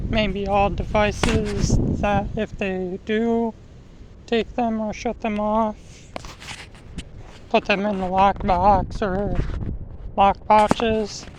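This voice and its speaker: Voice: mid-range voice, little pitch movement, extremely slow, pauses often, noisy background. A vlogger talking in a casual, rambling way, often repeating and restarting words, recorded outdoors near water. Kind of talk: casual opinion vlog.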